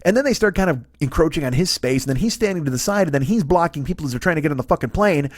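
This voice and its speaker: A man's voice: on the high side, lively intonation, racing, dry recording, clean studio sound. A man in his forties, a comedian hosting his own podcast, ranting through a profane comedic monologue. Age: 40s. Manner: ranting, heavy swearing.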